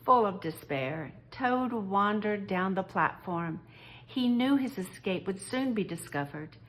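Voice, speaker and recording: A woman reading a children's story aloud, slowly and expressively. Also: medium pitch. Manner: slow, expressive read-aloud.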